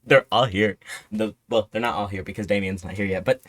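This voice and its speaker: A man giving a casual movie review in an excitable, rambling manner, swearing often. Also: on the low side, a little fast, no room sound. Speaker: host.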